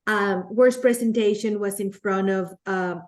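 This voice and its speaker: A Latina woman who is a guest on a podcast, telling stories from her career in an animated way and acting out the quotes. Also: mid-range voice, unhurried. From Latin America. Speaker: guest, network marketer. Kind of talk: conversational storytelling.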